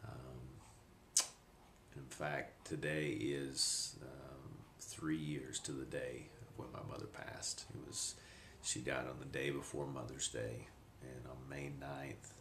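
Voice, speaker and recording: Man, middle-aged, deep voice, reflective, halting, personal testimony, camcorder in an echoey room. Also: flat delivery, gravelly, fairly bright tone, a little hiss or hum. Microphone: handheld camcorder.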